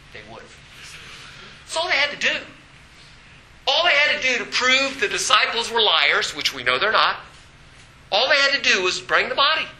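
Animated male pastor preaching, high and bright, echoey room. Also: slight background noise. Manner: animated, breaks into shouts and acted quotes. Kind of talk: sermon.

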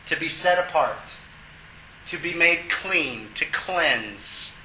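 A male preacher delivers a sermon, stopping the scripture reading to explain it with emphasis and exclamations. His voice sits high and rings very brightly. The sound echoes around a roomy church room. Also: animated, takes it slowly, a little hiss or hum. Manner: emphatic, exclaiming, chuckles at asides. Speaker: pastor.

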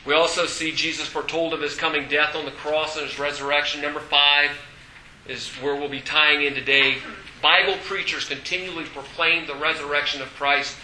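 A man preaching a sermon as pastor, animated, breaking into shouts and acted quotes. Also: a little high, moderate pace, echoey room, a little hiss or hum, rough recording.

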